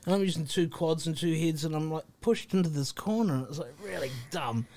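A man with a New Zealand accent tells a backstage tour story in casual chat. His voice sits a little high. He keeps acting out the lines of the people in it. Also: fairly quick, a crowd in the background. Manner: animated anecdote-telling, acts out quoted voices. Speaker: guest musician.

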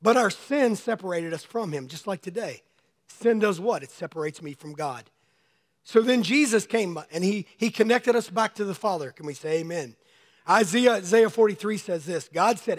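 High-voiced male pastor preaching, a bit hoarse. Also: lively intonation, moderate pace. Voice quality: slightly hoarse. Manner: conversational preaching, speaking to congregants by name. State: losing his voice. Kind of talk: sermon. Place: church sanctuary.

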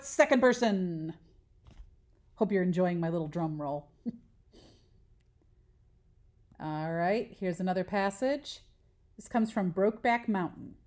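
A woman's voice: on the low side, a little slow, pauses often, mellow. A woman teacher giving a recorded lesson, patiently explaining step by step and asking questions that she then answers herself.

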